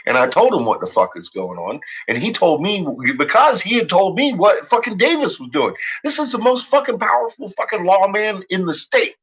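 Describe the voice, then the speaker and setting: A man's voice: a little high, very animated, moderate pace, breathy edge, muffled recording. A man on a late-night monologue, ranting and swearing heavily as he tells his story. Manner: profane, ranting, shouts in retold quotes. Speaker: host.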